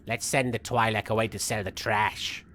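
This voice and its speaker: A man's voice: on the low side, steady tone, normal speed, sharp tone, slight background noise, voice pushed down. A man streaming a game in the persona of a vain, theatrical cartoon villain, reading chat aloud and joking. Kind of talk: live game stream chat with in-character banter. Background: faint game music.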